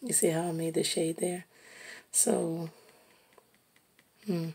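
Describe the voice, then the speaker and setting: A woman musing aloud while she draws, slow and reflective, sometimes dropping to a soft whisper. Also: lowish voice, steady tone, vocal fry, slight background noise. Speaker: artist narrating while drawing. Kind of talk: reflective casual monologue.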